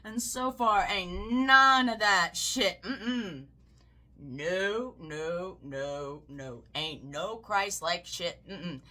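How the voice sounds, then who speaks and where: A woman's voice: lively intonation, extremely slow, sharp tone. Ranting, swearing Southern woman. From American South. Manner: heated, swearing, swings into high mocking shrieks. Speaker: political commentator. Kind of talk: profane ranting commentary.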